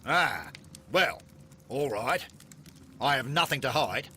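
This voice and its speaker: A man's voice: mid-range voice, expressive, slow pace, pushed and bright, a little hiss or hum, heavily acted. An actor with an Australian accent playing a brusque, haughty businessman and engineer in a video game. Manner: curt, impatient and haughty.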